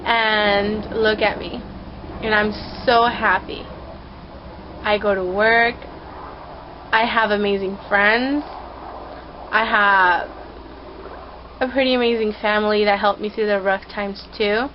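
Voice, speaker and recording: A woman's voice: mid-range voice, fairly even intonation, slow, long pauses, highs cut off, a little hiss or hum. A woman talking casually to her viewers from her own room, rambling, playful and openly emotional. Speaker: vlogger. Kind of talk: casual heartfelt talk to camera.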